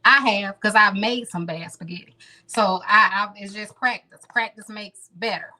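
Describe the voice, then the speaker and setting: A woman's voice: mid-range voice, normal speed, sharp tone. A woman in her thirties hosting a casual live cooking stream from her home kitchen, chatting straight to her viewers. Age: 30s. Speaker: home cooking show host.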